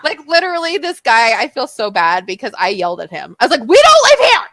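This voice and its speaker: Young woman podcast host, high bright voice bouncing all over, dry close sound, acts out every quote. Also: fast talker, dry recording. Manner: animated, acts out quotes, swears. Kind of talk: casual storytelling chat.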